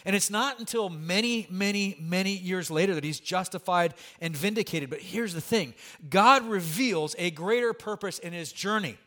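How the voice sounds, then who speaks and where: A pastor talks through his sermon in an animated, conversational way at a moderate pace. His voice sits somewhat high for a man. He drops in light jokes and asides to the congregation.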